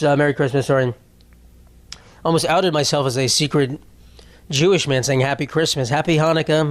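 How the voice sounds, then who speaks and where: A man's voice: a little high, clear, resonant tone. A young man hosting a solo podcast, rambling casually with lots of swearing and jokes. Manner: rambling, profane, jokey. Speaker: podcast host.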